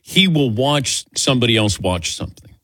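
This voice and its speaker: A man hosting a talk show, telling animated stories and acting out the people in them with a laugh. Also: mid-range voice, moderate pace, no echo. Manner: animated storyteller, acts out quotes, laughs often. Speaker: radio show host. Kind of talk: casual on-air banter.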